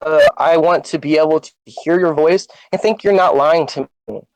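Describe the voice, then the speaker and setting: A woman's voice: deep voice, moderate pace, darkish tone, dry recording, poor audio. A woman in a heated voice-chat argument, furious and berating, cursing often. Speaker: Discord server member.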